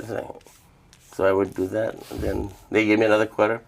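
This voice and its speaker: An older man from Guam, telling stories of his past in a relaxed, reflective interview. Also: fairly low pitch, fast talker, gravelly. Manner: relaxed, reflective storytelling with quoted dialogue. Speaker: interviewee, traditional healer. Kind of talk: casual storytelling interview.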